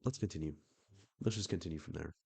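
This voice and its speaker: A man's voice: low voice, fast, creaky, darkish tone, breathy edge, no echo. A man doing comedic reaction commentary while reading texts aloud, sarcastic and profane.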